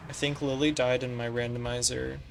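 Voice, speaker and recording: A man's voice: mid-range voice, level tone, brisk, gravelly, a little hiss or hum. A man streaming a strategy game, talking through his tactics and chatting with viewers as he plays. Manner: analytical, talks through tactics while playing; chats with viewers between moves. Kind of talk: casual gameplay commentary.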